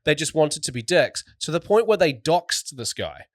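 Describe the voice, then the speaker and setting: A man co-hosting a casual podcast chat, telling stories in an animated, jokey way. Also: fairly high pitch, normal speed, no echo, studio quality. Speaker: podcast co-host.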